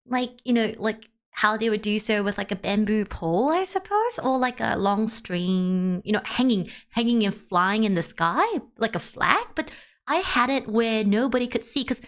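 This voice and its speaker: A woman streamer telling a long story to her chat in a rambling, animated way, with lots of "like" and restarts. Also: a little high, moderate pace. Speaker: VTuber streamer.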